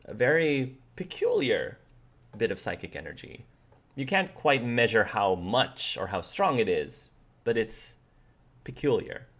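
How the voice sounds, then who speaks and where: A man's voice: medium pitch, big pitch swings, a little slow, a bit bright. A man acting as game master, narrating scenes loosely and descriptively, with frequent restarts.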